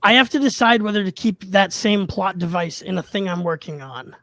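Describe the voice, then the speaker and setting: A man's voice: high voice, animated, fairly quick, background noise. A man from Arkansas chatting casually on a podcast panel, laughing as he talks. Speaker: comic creator and podcast panelist. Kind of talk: casual chat.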